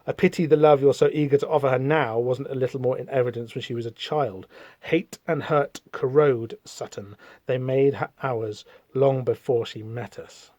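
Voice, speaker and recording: A man voicing a cold, sinister aristocratic male villain who speaks in a slow, measured, contemptuous way. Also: medium pitch, fairly even intonation, a little mellow, no echo, muffled recording, voice pushed down, close to an everyday voice. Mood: menacing.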